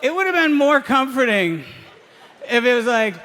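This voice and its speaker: A man's voice: very high-pitched, very animated, moderate pace, pushed and bright, big-room sound. A man doing live stand-up storytelling, hesitant and full of ums, laughing through his lines. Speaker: stand-up comedian. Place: live radio stage before an audience.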